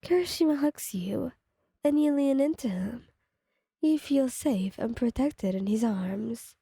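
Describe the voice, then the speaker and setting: A woman narrating a second-person fan story in a plain, steady read-aloud manner. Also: fairly high pitch, measured pace, husky, no room sound, studio quality.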